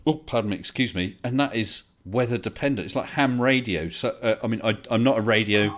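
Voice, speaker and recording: A man hosts a casual online debate, his voice sitting a little low. He is polite and quick to laugh, with lots of halting restarts as he thinks aloud. It sounds like a home computer mic on a voice call. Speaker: livestream host.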